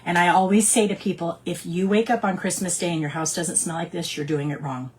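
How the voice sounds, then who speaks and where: A middle-aged woman teaching fragrance blending in a chatty, animated storytelling way. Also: on the low side, brisk, husky. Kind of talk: casual teaching talk.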